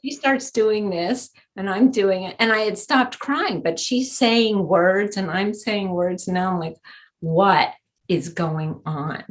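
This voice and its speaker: A woman's voice: mid-range voice, measured pace, few pauses. A woman guest on a podcast, telling personal stories with many fillers and bursts of laughter. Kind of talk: storytelling in interview.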